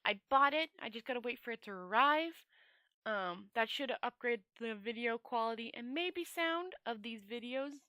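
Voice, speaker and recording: A woman host reading a novel aloud to her viewers in a chatty, relaxed way, stumbling and rereading words now and then. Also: on the high side, normal speed, no echo. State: dry throat. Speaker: storyteller host. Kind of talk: reading a novel aloud, casual sign-off chat.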